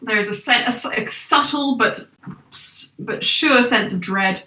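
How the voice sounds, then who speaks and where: A woman narrating a tabletop game as game master in a relaxed, chatty way. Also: fairly high pitch, unhurried, roomy sound, far from the mic, rough recording.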